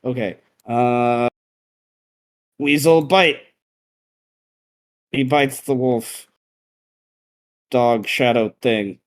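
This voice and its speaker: A man's voice: medium pitch, steady tone, very slow, long pauses. A man narrating a tabletop game as game master, speaking hesitantly with many fillers.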